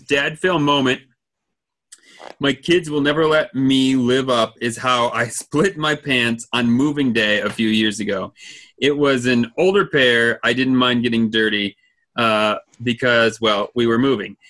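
Brief: male podcast host, bright tense tone, mid pitch, easygoing and reassuring. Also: steady tone, a little slow. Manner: easygoing, reassuring, reads listener messages. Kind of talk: casual chat.

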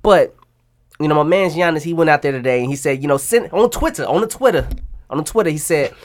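A man's voice: fairly high pitch, expressive, fast. Man co-host, heated profane rant, slangy casual chat.

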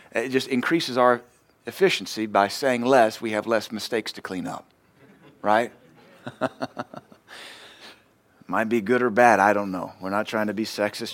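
A male pastor, preaching to his church. He mixes scripture with joking family stories and laughs as he goes. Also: medium pitch. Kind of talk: sermon.

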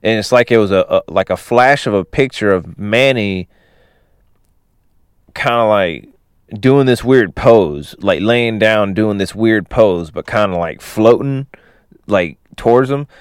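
A man recounts a film plot in a loose, rambling way, full of fillers and little chuckles. His voice sits fairly low and sounds smooth and clear. The recording is dry and close, with no room sound. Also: expressive, unhurried, no echo. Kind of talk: casual film plot retelling.

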